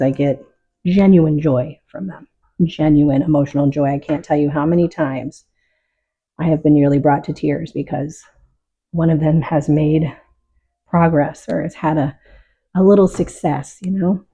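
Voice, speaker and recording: A middle-aged woman talks through her painting in a calm, reflective way, openly sharing her emotions. Her voice is deeply mellow and husky. The recording sounds dull and lo-fi, as if from a home studio. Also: unhurried. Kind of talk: casual talk while painting.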